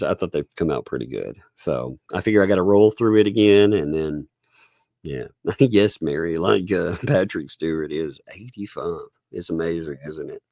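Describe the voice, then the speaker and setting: Low gravelly man. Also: a little mellow, no room sound. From Oklahoma. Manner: rambling, chuckles often, thanks viewers. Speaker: livestream host. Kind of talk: casual live stream chat.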